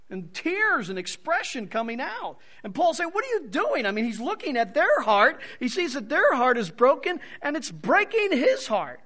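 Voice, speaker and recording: A man preaching an expository sermon, swinging from soft to loud for emphasis. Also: extremely high pitch. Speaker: pastor.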